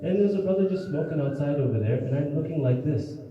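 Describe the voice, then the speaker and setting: A man's voice: on the high side, fast. A man giving a mosque lecture, telling stories and acting out the voices of the people in them. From United States. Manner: animated storytelling, acts out quoted voices. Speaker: mufti giving a religious lesson. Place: mosque hall. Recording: echoey distant hall recording, dull sound.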